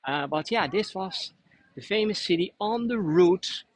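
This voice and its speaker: A man's voice: high-pitched, animated, unhurried, poor audio. Dutch man guiding a bike tour. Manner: conversational, explains at length with frequent restarts. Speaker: cycling tour guide. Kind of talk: guided city tour vlog. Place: outdoors in a city square, riding a bike.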